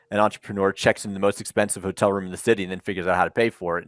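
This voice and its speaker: A man with a slightly low voice recounts how he built a company, chatting informally with ums and restarts. He acts out phone calls and conversations with lively shifts. The sound is dry and close. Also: no room sound. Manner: animated storyteller acting out dialogue, frequent ums. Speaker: startup founder, panel speaker. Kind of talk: conversational keynote storytelling.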